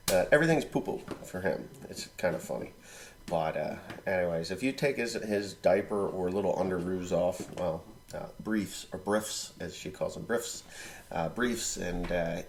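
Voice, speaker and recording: A man's voice: low voice, a little hiss or hum. A middle-aged man, a farmer, talking casually and bluntly to the camera with crude jokes. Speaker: farmer vlogger.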